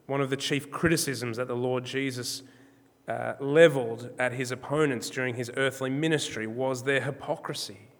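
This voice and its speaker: Male preacher, measured and emphatic, mid-pitched voice, long church echo. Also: fairly bright tone. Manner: measured, emphatic, slows on key words. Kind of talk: sermon.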